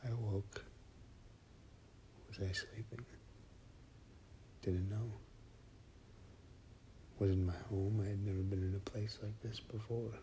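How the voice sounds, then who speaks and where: Hushed, gravelly-voiced man telling a dark tale. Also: lowish voice, steady tone, slight background noise. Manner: slow, hushed, often whispered delivery. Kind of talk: first-person horror story narration.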